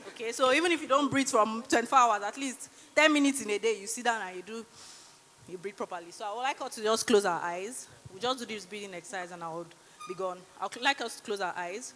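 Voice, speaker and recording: A woman's voice: a little high, quick pace, long reverb tail, a little hiss or hum. A Nigerian woman in her thirties giving a chatty motivational conference talk and leading a breathing exercise. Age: 30s. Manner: lively, chatty, teasing the audience. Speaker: conference speaker. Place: large conference hall.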